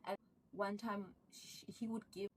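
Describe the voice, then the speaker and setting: A woman casually retelling a drama's plot, excitable and rambling. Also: mid-range voice, measured pace, distant mic, a little hiss or hum, poor audio. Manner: excitable, rambling, acts out characters' lines. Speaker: vlogger recapping a drama. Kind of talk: casual storytelling recap.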